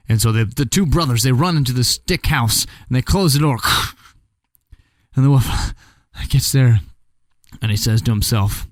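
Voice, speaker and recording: A man's voice: medium pitch, moderate pace, no room sound. A man telling a fairy tale casually, with chatty, joking asides to the listener. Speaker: storyteller. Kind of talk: casual comic storytelling.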